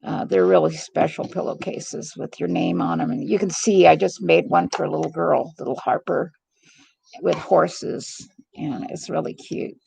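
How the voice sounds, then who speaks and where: A woman's voice: low-pitched, expressive, normal speed, gravelly, darkish tone, slightly rough, rough recording. A middle-aged woman hosting a live stream vlog, talking in a rambling, earnest and heartfelt way. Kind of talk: casual confiding monologue.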